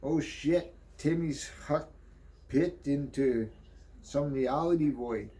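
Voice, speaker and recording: Slow, offhand man reading a comic. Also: fairly high pitch, warm tone. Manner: slow, offhand, swears and ad-libs. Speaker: comic book narrator. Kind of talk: casual comic reading with commentary.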